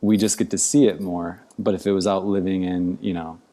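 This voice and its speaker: Deep-voiced thoughtful man from the Midwest. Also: little pitch movement, dark tone. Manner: thoughtful, measured, pausing to find words. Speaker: guest, outdoor educator. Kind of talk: casual podcast interview.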